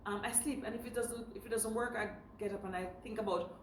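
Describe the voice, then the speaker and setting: A woman's voice: medium pitch, fairly even intonation, fast, slight background noise. A woman hosting a casual group chat, talking freely and laughing often. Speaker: host. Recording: roomy and distant.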